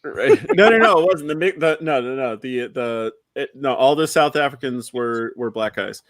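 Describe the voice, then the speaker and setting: Guy in his 40s rambling thru a story on a podcast, kinda goofy, dry mic, mid pitch. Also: moderate pace, dry recording. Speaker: podcast co-host. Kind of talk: casual chat.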